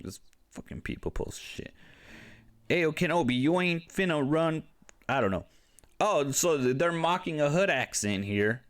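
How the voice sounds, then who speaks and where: A young man giving blunt, profane reaction commentary, ranting casually as he reacts to clips. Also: medium pitch. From Mexican-American, grew up near a casino. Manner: blunt and profane, animated rants.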